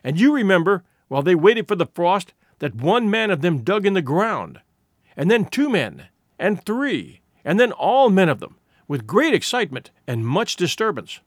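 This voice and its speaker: A man's voice: sits high, big pitch swings, normal speed, no room sound. Persuasive tribal speaker, rhetorical build; male reader, dry sound. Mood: rousing.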